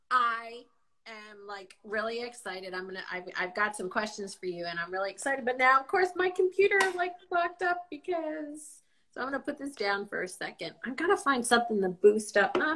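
A woman's voice: fairly high pitch, expressive, moderate pace, pushed and bright. A woman hosting a live video chat, with a mixed American accent touched by the South, chatty and bubbly with lots of fillers. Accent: mixed American with some Southern. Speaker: host. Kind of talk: casual chat on a livestream.

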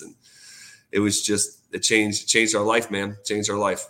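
A man's voice: fairly low pitch, monotone, normal speed, sharp tone. A man in a casual interview, retelling a career story with lots of quoted dialogue, fillers and restarts. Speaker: sports radio host, guest.

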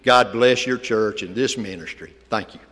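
A man's voice: fairly low pitch, moderate pace, very noisy. A man speaking to a church congregation as a visiting ministry speaker, telling a folksy story and then making an earnest appeal. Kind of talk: sermon with storytelling. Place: church sanctuary. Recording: reverberant church hall.

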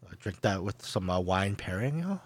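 A man's voice: deep voice, a little fast, dry recording. A man co-hosting a casual chat, joking around in slangy talk and laughing often.

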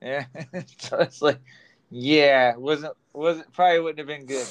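A man's voice: a little high, measured pace. A man co-hosting a podcast in a loose, chatty way, laughing often. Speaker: podcast co-host. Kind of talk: casual chat.

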